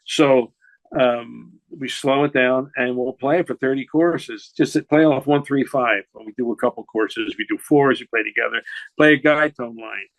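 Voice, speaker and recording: A man's voice: medium pitch, normal speed, dry recording, poor audio. Rambling older man, dry close mic. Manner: rambling, full of restarts and "you know". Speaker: jazz saxophonist and educator, podcast guest. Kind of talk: casual interview storytelling.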